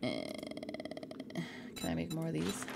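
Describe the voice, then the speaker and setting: A woman's voice: sits low, wildly swooping pitch, a little slow, vocal fry, very noisy. A woman from Canada chatting casually and making crude jokes while playing a game on a live stream.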